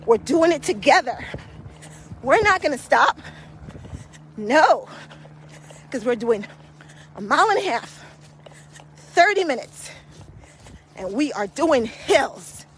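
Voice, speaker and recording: A high-pitched woman leads a hill walking workout outdoors, out of breath as she climbs. She speaks slowly and keeps cheering her listeners on, motivating them to keep going. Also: sing-song, a little hiss or hum. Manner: encouraging, motivating. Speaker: fitness coach. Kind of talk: guided walking workout podcast.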